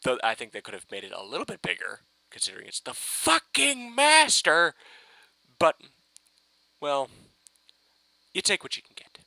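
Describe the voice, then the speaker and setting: A man ranting excitedly in a casual fan review, rambling and swearing with many restarts. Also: on the high side, moderate pace, creaky, long pauses, dry recording, rough recording.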